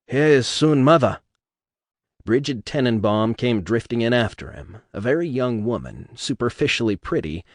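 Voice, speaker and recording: Low-voiced man reading a novel aloud. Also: no echo, clean studio sound. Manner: steady storytelling. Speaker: narrator.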